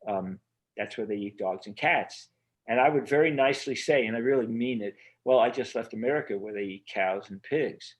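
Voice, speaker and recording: An earnest man speaking as the guest of a remote interview, his voice sitting at a middling pitch. He rambles, circles back and restarts his thoughts with plenty of fillers. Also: moderate pace. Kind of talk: casual interview conversation.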